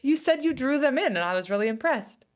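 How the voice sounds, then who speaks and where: A woman's voice: sits high, expressive, fast. A middle-aged woman co-hosting a podcast, telling stories in casual chat and laughing often as she acts out quoted voices. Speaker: podcast co-host.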